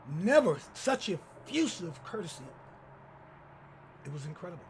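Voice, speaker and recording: A man hosting his own channel, telling a personal story in lively commentary and acting out the people he quotes. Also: sits high, a little slow, pauses often, a little hiss or hum. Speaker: channel host.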